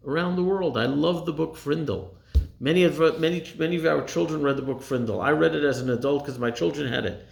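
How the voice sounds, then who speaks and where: Earnest gravelly-voiced rabbi. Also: male voice, fairly high pitch, a little mellow, reverberant. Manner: earnest, emphatic, repeats phrases for stress. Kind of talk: motivational talk to a congregation.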